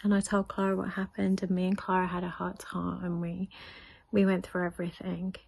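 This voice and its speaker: A middle-aged British woman recounting a painful personal story in a vlog, emotional and halting, often dropping to a near whisper. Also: on the low side, completely flat delivery, vocal fry, a little mellow, husky. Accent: British English. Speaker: vlogger.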